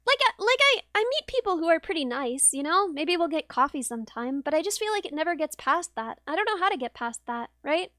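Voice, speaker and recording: A woman's voice: very high voice, sing-song, brisk, few pauses, pushed and bright, no room sound, studio quality. A young woman streamer telling a rambling, wry story in casual chat, with lots of fillers. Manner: chatty, rambling, wry, with laughs and many fillers. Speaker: vtuber streamer.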